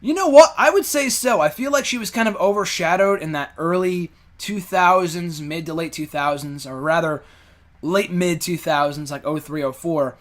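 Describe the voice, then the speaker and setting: Chatty man with a higher voice. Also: moderate pace. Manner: rambling, loose and opinionated with frequent fillers. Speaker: host answering fan questions. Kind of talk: casual chat.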